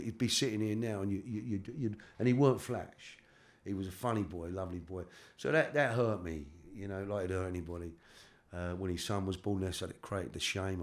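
A middle-aged man from London with a London accent, a guest in a candid interview, talking haltingly with casual slang and repeated words. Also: deep voice. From London, England. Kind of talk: candid life-story interview.

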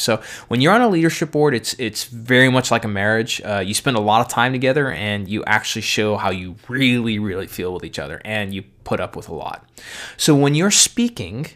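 Running through a numbered set of tips on communication, a man speaks in a relaxed, informal way, peppering his talk with "you know" and correcting himself quickly. His middle-pitched voice is a bit bright, and he leans on the most important points.

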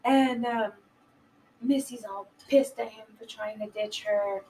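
A woman's voice: on the high side, steady tone, slow pace, mellow, far from the mic, low-quality recording. A woman chatting casually on a podcast, rambling through a movie plot and swearing freely. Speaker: podcast co-host. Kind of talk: casual chat recapping a movie.

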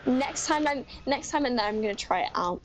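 A teenage girl from Britain chats as an interview guest in a fairly high voice, filling her talk with "like" and laughing easily. Faint noise sits under her voice. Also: lively intonation, fairly quick, low-quality recording. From Great Britain. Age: teens. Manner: chatty, says "like" a lot, laughs easily. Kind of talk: casual interview chat.

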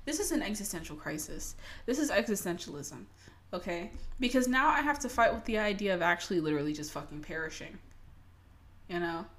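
A woman's voice: medium pitch, animated, fairly quick, a bit bright. A young adult woman ranting casually to her audience, swearing freely and self-mocking with dramatic flair. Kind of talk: casual rant to camera.

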